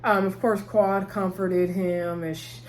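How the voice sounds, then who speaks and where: A woman's voice: mid-range voice, flat delivery, unhurried, slight background noise. A woman, chatting casually as she recaps a TV episode, rambling and laughing often. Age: 30s. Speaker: TV show reviewer.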